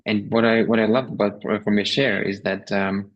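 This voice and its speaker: A man hosts a podcast in a low voice. He thinks aloud and pauses often to search for words. His tone stays reflective and agreeable as he builds on his guest's points. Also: level tone, muffled recording. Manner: hesitant, many fillers and restarts, reflective. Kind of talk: conversational podcast talk.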